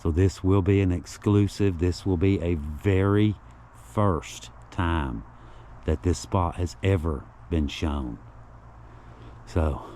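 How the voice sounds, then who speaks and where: Narrating a walking vlog outdoors on a rural hillside, a man exploring local history sites rambles in a folksy, casual way. His voice is fairly low and mellow, with slight background noise.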